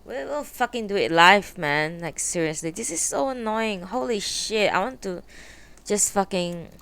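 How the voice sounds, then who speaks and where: A woman's voice: medium pitch, lively intonation, moderate pace, vocal fry, a bit bright, slight background noise. Exasperated woman streamer muttering and swearing. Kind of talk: live stream chatter while setting up.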